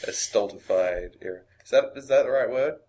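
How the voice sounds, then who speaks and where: A man's voice: mid-range voice, brisk, a little mellow, a little hiss or hum, poor audio. A man co-hosting a podcast in casual, jokey chat. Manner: jokey, slipping into silly impressions. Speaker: podcast co-host.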